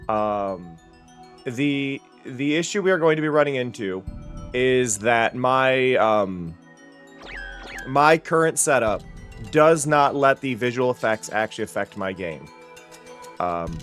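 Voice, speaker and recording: A man's voice: mid-range voice, fairly bright tone. A man streaming live from home, chatting casually in a rambling way with many restarts.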